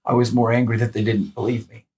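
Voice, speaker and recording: Male podcast host, gravelly husky tone, earnest and searching. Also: medium pitch, flat delivery, quick pace, darkish tone. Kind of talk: casual conversation.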